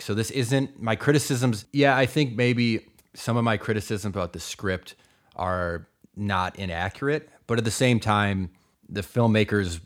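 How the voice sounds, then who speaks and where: A man co-hosting a film podcast, talking casually with a wry, joking manner. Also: sits low. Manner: wry, joking, reads the sign-off. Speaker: podcast co-host.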